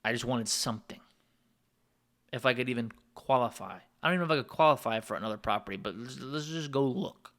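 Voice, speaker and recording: A man's voice: mid-range voice, fast talker, a bit bright. A man telling a long personal story in a casual monologue, rambling and digressive, with asides to his listeners. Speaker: music producer and channel host.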